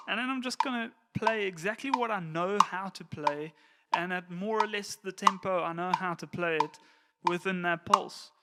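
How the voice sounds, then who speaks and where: A man giving a relaxed, plain-spoken lesson to church volunteer musicians, now and then counting beats aloud. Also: high voice, moderate pace, heavy background noise. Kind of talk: casual instructional talk.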